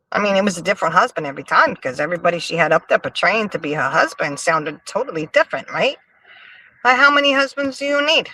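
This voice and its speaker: Sassy animated woman streamer. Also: on the low side, no echo. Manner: animated, sassy, reads chat aloud. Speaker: livestream host. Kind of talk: casual gossip commentary.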